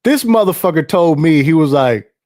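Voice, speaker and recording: Middle-aged guy streaming, cussing and cracking up, says stuff twice, voice a bit high. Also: lively intonation, normal speed, warm tone. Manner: loose and profane, laughs often, repeats himself. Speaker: livestream host reading chat. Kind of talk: casual livestream chat.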